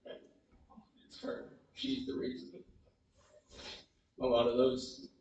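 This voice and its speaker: A man's voice: medium pitch, monotone, a little mellow, lo-fi sound. Tearful young man in an echoey hall. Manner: emotional, apologetic, halting. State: tearful, crying. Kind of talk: unscripted memorial speech. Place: large hall at a memorial gathering. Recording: echoey hall, far from the mic.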